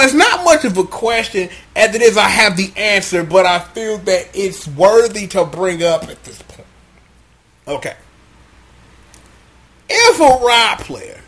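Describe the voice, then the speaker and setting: A man reviewing a show in a profane, slang-heavy, animated comedic recap. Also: sits high.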